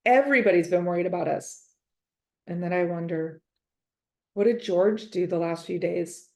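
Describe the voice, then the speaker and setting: A woman reading a children's chapter book aloud, gentle and expressive, in first person. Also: on the low side, normal speed, vocal fry. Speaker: reader. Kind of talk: storybook read-aloud.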